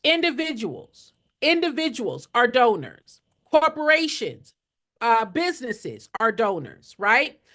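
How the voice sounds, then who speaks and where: A high, very lively woman's voice that swoops up and down as she drives her points home. She coaches her audience in a preachy, repetitive way, pausing so they can answer back. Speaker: nonprofit fundraising coach. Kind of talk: energetic live teaching with call-and-response.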